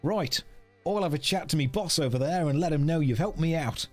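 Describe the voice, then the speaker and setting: Brief: streamer doing a chirpy, slangy Australian NPC, pitched up, faint music behind. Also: male voice, brisk, close to an everyday voice. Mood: cheery. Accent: put-on Australian. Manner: exaggerated slangy drawl, reading NPC lines aloud. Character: cheery Australian museum man, game NPC.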